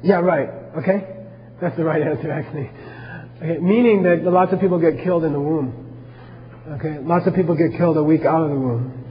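Guy teaching buddhism, higher voice, keeps going "okay?" at the class, dull lo-fi audio. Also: a little fast, big-room sound, crowd noise. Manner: keeps checking in with listeners, asking questions.

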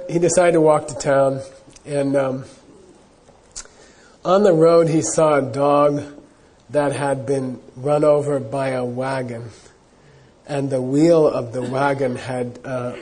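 A man's voice: mid-range voice, darkish tone, breathy edge. A man teaching as a Buddhist teacher, telling a story in a casual, rambling way with many fillers. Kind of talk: dharma talk storytelling.

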